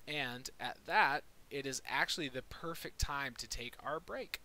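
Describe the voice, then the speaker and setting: A man's voice: mid-range voice, unhurried, few pauses, bright, forceful tone, slight background noise. A man running a tabletop game as dungeon master, narrating combat in a casual, rambling way. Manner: casual, rambling, with fillers and restarts.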